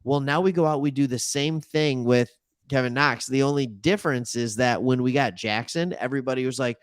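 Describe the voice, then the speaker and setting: A man hosts a casual sports talk show in an easy, rambling way. He corrects himself often and throws in animated asides. His voice sits at a middle pitch and is recorded dry and close. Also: brisk, clean tone, no echo. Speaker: sports podcast host.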